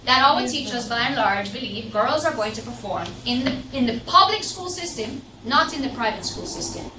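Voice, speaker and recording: A woman lecturer leading a classroom discussion, telling stories in a lively, chatty way. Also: fairly high pitch, moderate pace, noisy background. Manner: animated storytelling, chatty. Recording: echoey room from far off.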